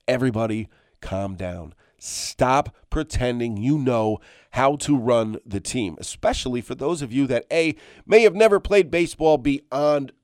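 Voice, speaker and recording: A middle-aged man hosting his own podcast, ranting casually and emphatically, repeating himself and swearing as he tells fans to calm down. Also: on the high side, dry recording, studio quality. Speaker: podcast host. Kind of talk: solo sports rant.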